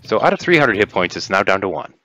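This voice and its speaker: A man narrating a tabletop game as game master, in a relaxed, rambling way with fillers. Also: on the low side, fast talker, noisy background.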